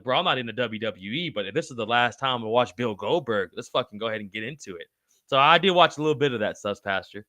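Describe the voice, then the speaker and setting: A man's voice: medium pitch, bright, forceful tone, no room sound. A man hosting a live show, chatting casually and reading out viewers' comments, full of slang like bro and brother. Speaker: podcast host reading live chat. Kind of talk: casual live-stream chat.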